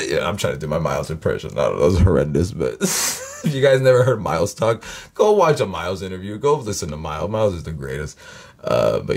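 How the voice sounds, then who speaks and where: A man's voice: deep voice, sing-song, fairly quick, vocal fry, breathy edge. A man hosting a reaction video, talking in a rambling, profane way with lots of fillers and "you know what I mean". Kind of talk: rambling casual monologue.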